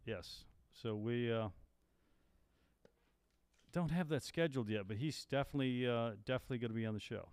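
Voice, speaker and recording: A man co-hosts a live podcast in an easy, upbeat way. His voice is smooth and resonant, recorded dry and close. He talks at a middle pitch. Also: fairly quick, pauses often, darkish tone, no echo. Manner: upbeat, chatty, promotes local events. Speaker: podcast co-host. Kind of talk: casual live podcast chat.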